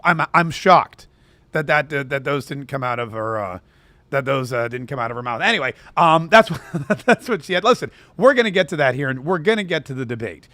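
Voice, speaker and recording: A man's voice: medium pitch, lively intonation, brisk, sharp tone, no room sound. A man hosting political commentary, sarcastic and rambling, full of asides.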